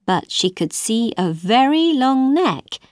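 A woman narrating a children's storybook, reading slowly, clearly and expressively. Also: fairly high pitch, big pitch swings, dry recording, clean studio sound.

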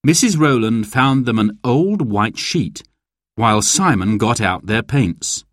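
Slow, expressive storybook narrator man. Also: medium pitch, dry recording, studio quality. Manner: clear, expressive, deliberate. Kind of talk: children's storybook reading.

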